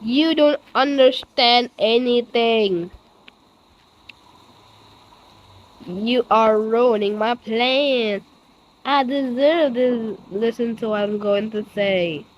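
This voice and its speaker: A woman voicing a lonely, bitter male villain who talks slowly and low in a brooding way. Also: highs cut off. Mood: resentful.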